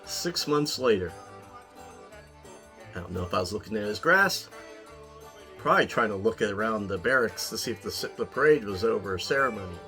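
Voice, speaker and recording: A man's voice: fairly low pitch, expressive, fairly quick, pauses often, sharp tone, faint music behind. A man from Ohio, an army veteran, telling a story in a casual, wry way and chuckling at himself. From Ohio, USA. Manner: wry, dry, chuckling at his own story. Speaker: pipe-smoking vlogger, army veteran.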